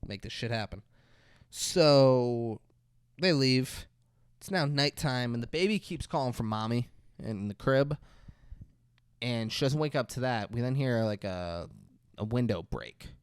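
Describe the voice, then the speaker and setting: A man's voice: mid-range voice, unhurried, clear, resonant tone, dry recording, studio quality. A man co-hosting a podcast, retelling a movie's scenes in a casual, profane way and acting out the characters' lines. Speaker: podcast co-host. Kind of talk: casual movie review chat.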